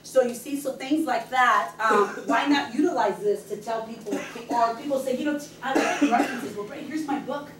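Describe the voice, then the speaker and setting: Fast, excited woman speaking in an echoey room. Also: on the high side, crowd noise. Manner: fast, excited, loud when passionate. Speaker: real estate agent guest speaker. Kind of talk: training talk to a team meeting. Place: meeting room. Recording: echoey room, speaker far from the camera mic.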